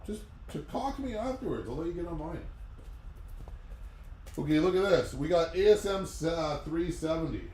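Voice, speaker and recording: A man's voice: a little high, lively intonation, moderate pace, darkish tone. A man hosting a live comic book auction, chatting casually and rambling with lots of fillers between bids. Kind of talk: casual livestream chat.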